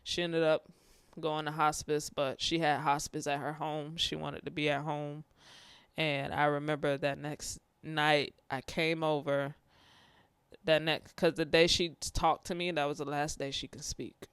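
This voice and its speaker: A man's voice: a little high, level tone, fairly bright tone, clean tone, dry recording. Tearful man sharing his grief. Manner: emotional, halting, fighting back tears. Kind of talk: personal testimony on grief.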